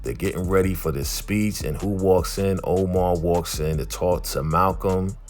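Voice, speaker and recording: A man with a very deep voice talking through an episode recap in a loose, streetwise way. He chats casually like he's telling a friend. Faint music plays underneath. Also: fairly even intonation, unhurried, a little mellow. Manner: chatty, streetwise. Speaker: vlogger reviewing a TV episode.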